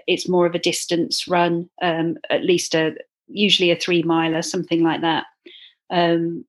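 A woman guest telling her running story in a chatty, earnest way, with many ums. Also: fairly low pitch. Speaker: guest, club runner. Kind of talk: casual interview.

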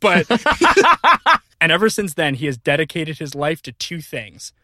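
A man co-hosts an improvised comedy podcast in an excitable, rambling way, laughing through his lines. His voice is bright and a little high. The recording is close and dry. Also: unhurried, no room sound. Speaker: podcast co-host.

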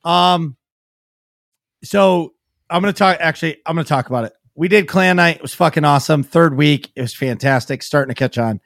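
A man's voice: a little high, brisk, gravelly, fairly bright tone, dry recording, studio quality. A man co-hosting a casual podcast, talking bluntly and swearing freely. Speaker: podcast co-host and streamer. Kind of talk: casual chat.

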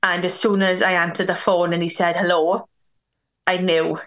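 Woman, young adult, guest storyteller; lowish, even delivery, candid, "like"-heavy, quotes others aloud. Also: normal speed. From Wales. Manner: candid, talks with many "like"s and acts out quoted dialogue. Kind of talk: personal storytelling in a podcast interview.

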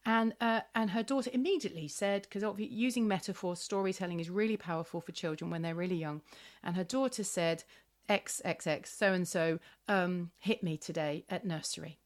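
A woman author talking as an interview guest, telling stories with lively quoted voices and many restarts. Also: fairly low pitch, normal speed. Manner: storytelling, acts out quoted voices, frequent restarts. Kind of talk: animated conversational interview.

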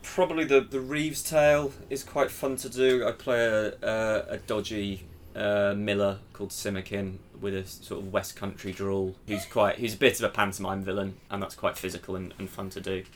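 A man stage actor talking in an interview, relaxed and hesitant, with plenty of fillers. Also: on the low side, normal speed, slight background noise. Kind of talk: casual interview.

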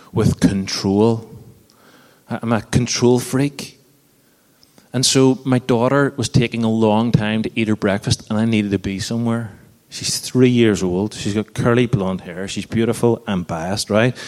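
A man in his thirties preaching a sermon in an earnest, conversational way, with self-deprecating stories. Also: medium pitch. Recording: long hall reverb.

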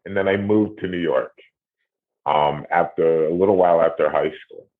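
In a deep voice at a moderate pace, an Ohio-born musician guesting on a casual interview rambles loosely through his stories. The audio is tinny, like a phone line.

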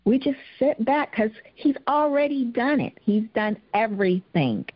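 A woman speaking calmly and deliberately on a church prayer line. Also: a little high, dry recording, muffled recording.

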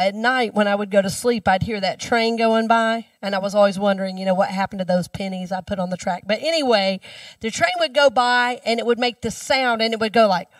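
A woman minister giving a sermon in a chatty storytelling way, dropping her voice low when she repeats the mantra. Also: no room sound, far from the mic. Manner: conversational storytelling, speaks the mantra softly.

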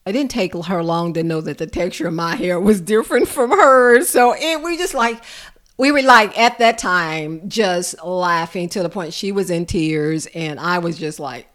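A woman caregiver telling a personal story to an audience in a lively, expressive way. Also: lowish voice, normal speed. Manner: expressive, lively storyteller who builds to laughter. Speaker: home caregiver.

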